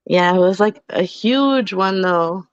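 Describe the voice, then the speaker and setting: A woman co-hosting a live podcast, telling stories in a chatty, animated way full of fillers. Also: medium pitch, takes it slowly, smooth, no room sound, dull audio. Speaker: podcast co-host. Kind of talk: casual live podcast chat.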